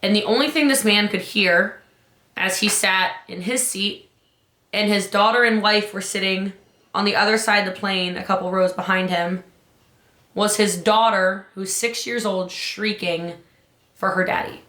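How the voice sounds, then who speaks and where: An urgent, emphatic woman coach rallies her audience with a bright, forceful voice. Her pitch jumps on the points she stresses. The room around her sounds echoey. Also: fairly even intonation, measured pace. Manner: emphatic, urgent, rises high on key points. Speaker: business coach. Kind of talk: motivational talk.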